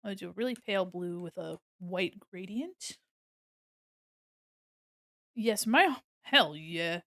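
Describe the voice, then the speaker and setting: A woman's voice: fairly low pitch, expressive, slow pace, a bit bright, no echo, clean studio sound. A young woman chatting casually to her viewers while drawing on a live stream, giggly and self-deprecating. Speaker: art streamer.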